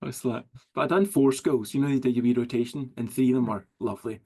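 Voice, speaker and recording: A middle-aged man from Scotland, a writer appearing as an interview guest, chats casually through rambling anecdotes packed with likes and quoted dialogue. His medium-pitched voice is fast, mellow, and husky.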